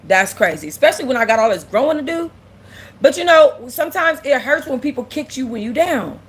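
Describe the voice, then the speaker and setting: Speaking a little fast in a high, animated voice, the young host of a casual livestream sounds close to tears. She talks candidly, repeats herself, and reads viewers' comments aloud before replying to them.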